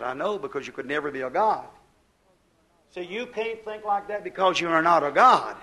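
A man with a high, ringing voice preaches at a church service. His delivery is folksy and exuberant. It drops to near-whispered asides, then bursts into loud, rising praise. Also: animated, quick pace, poor audio. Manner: exuberant folksy preaching with sudden swings from hushed to shouting. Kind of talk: sermon.

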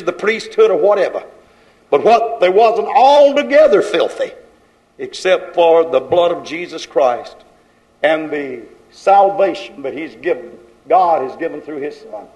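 High-pitched preacher scolding his flock. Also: rough recording. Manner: scolding, rhythmic repetition, folksy grammar. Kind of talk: fiery sermon.

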